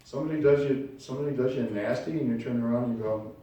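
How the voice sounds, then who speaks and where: A pastor preaching a sermon in a church sanctuary, heard from a distance in a very echoey room. His voice is mellow and mid-pitched, and he acts out small scenes as he tells stories. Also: fast. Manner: animated storytelling preacher, acting out little scenes.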